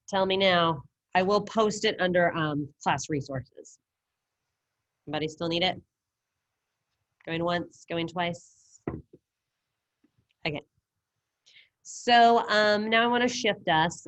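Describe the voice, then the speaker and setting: A woman with a fairly low, slightly bright voice leads a Spanish lesson over a video call, upbeat and casual while quizzing her class. She uses a computer mic, and the audio has no room sound.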